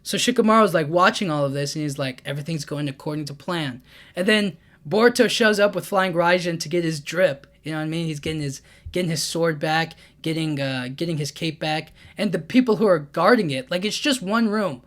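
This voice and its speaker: A man's voice: on the high side, brisk, hardly any pauses, fairly bright tone. A young man casually recapping a comic chapter, rambling with many 'you know what I mean' fillers. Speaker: manga breakdown YouTuber.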